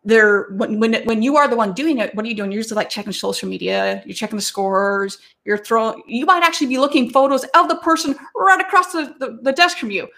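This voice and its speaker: Gravelly-voiced woman telling a story. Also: fairly high pitch, lively intonation, fast, hardly any pauses, a bit bright. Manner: chatty, with many restarts and asides. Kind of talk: casual spoken talk, telling a personal story.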